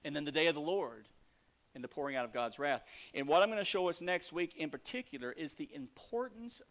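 A man, the lead pastor, preaching a sermon with emphatic rises and soft asides. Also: a little high, fast talker. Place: church sanctuary.

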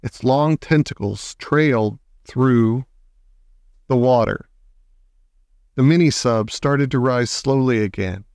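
A man reading a children's storybook aloud, taking his time over every line with an expressive storytelling manner. His voice sits at a middling pitch, and the recording is close and dry. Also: slow pace, long pauses, smooth, no room sound. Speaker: audiobook reader. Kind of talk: children's book read aloud.

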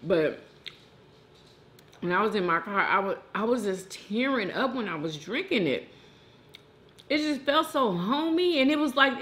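A woman chatting away on her eating show, her voice swinging high and low as she talks, with a bright, forceful tone. she gushes to her viewers and keeps calling them "y'all". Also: measured pace, pauses often. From United States. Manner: animated and effusive, talks straight to viewers as "y'all". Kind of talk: casual eating-show chat.

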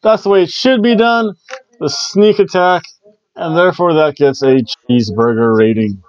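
A man's voice: a little high, moderate pace, smooth, no room sound, highs cut off. Rambling man casually reviewing wrestling. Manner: rambling, chatty, frequent stammered restarts. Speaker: wrestling show reviewer, host.

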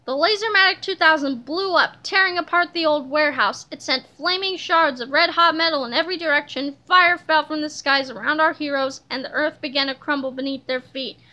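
A woman reading a children's book aloud in an animated, playful way. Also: high-pitched, brisk, hardly any pauses. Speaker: reader.

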